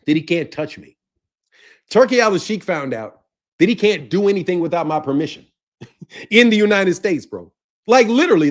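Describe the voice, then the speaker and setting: A man hosting his boxing channel, ranting in a profane, mocking way and laughing often. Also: high voice. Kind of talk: ranting commentary.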